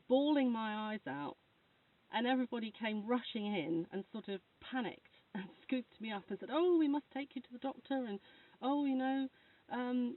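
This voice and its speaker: A woman's voice: medium pitch, dry recording. A woman who works as a Reiki practitioner, chatting casually to camera while snuggled under a duvet, rambling and laughing as she talks. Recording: tinny phone-like sound from far off.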